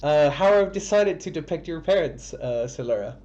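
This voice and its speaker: A man narrating a tabletop game as game master, describing scenes in a halting, descriptive way. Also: a little high, expressive, darkish tone, dull audio. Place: home streaming setup.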